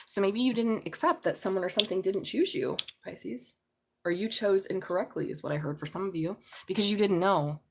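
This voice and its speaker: A woman's voice: mid-range voice, a little fast, vocal fry, noisy background. A middle-aged woman giving a live tarot reading in a casual, chatty way, swearing freely and laughing often. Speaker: tarot reader.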